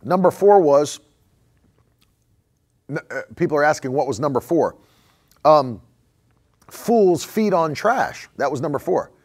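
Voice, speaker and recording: A man's voice: a little high, animated, a little slow, pauses often, a little mellow, breathy edge. A man preaching a conversational sermon as a pastor. He repeats phrases for emphasis and chuckles often.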